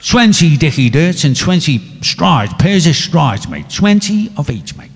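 An excitable Irish schemer voiced by a man gushes in a raised, drawn-out voice with a put-on Irish accent. His pitch sits well above a normal speaking voice and swings widely. A long hall reverb trails behind every word. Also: breathy edge, heavily acted. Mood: scheming. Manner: excited, high, drawn-out delivery.

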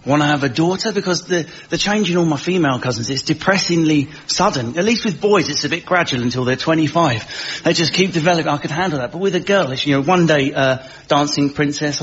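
A man's voice: fairly high pitch, fast, hardly any pauses, slightly rough. A young man, a comedy panelist, telling a rambling, hesitant story. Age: young adult. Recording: dull radio recording.

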